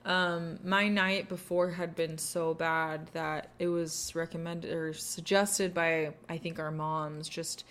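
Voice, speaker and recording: A young woman co-hosting a podcast, talking candidly and quickly agreeing with her partner. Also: sits low, level tone, fairly bright tone. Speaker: podcast co-host. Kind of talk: casual conversation.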